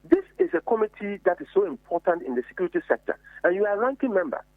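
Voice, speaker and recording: An emphatic man, firing off rhetorical questions in heated political commentary. His voice sits high and swings widely in pitch. The sound is dry and tinny, like a phone line. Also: very animated, fast, dry recording. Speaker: member of parliament on a committee.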